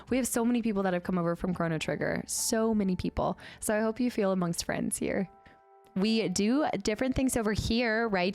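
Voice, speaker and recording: A young woman chatting casually on a livestream in a bubbly way, thanking viewers and cooing at her pet. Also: mid-range voice.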